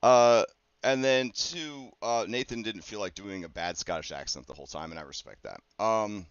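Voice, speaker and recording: Low-voiced man rambling through game prep. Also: clean tone, no echo. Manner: rambling and conversational, with many fillers and quick asides. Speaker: game master. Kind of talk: casual solo campaign prep talk. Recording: dull, dry lo-fi recording.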